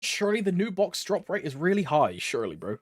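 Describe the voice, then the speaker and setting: A young man rambling through a game stream with a slightly high voice that swoops up and down. He laughs a lot between stories and drops crude slang. The sound is dry and close, with no room echo. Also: very animated, fast. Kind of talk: casual stream chat.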